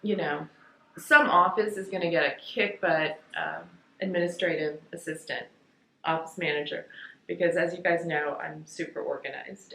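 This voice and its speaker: Tearful woman with a low voice, roomy sound. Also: fairly bright tone. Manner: rambling heartfelt thank-yous, says "you guys" often. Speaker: vlogger. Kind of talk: casual chat to viewers. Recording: echoey room.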